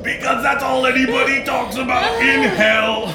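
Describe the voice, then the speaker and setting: A man putting on a brash, shouting voice for the ghost of an old male poet who taunts and challenges a friend to fight. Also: very high-pitched, expressive, normal speed, roomy sound, recorded from a distance, music in the background, pitched above the performer's own voice. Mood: belligerent. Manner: shouting, taunting, breathless bluster.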